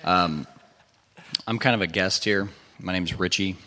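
Deep-voiced man, soft and hesitant. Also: a little slow. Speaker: church guest.

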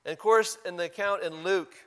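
A man delivers a Palm Sunday-style sermon in a church, speaking in a relaxed, conversational way. His voice sits fairly high for a man. He keeps turning to the congregation with questions. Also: fairly quick. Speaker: pastor.

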